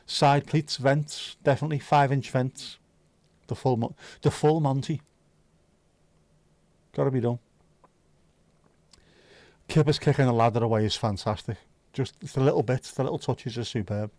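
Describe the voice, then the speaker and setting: A man's voice: medium pitch, fairly even intonation, normal speed, long pauses, darkish tone, no echo. A man hosting a livestream, chatting casually with viewers and teasing them. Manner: joking, teasing, chatty banter. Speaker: livestream host.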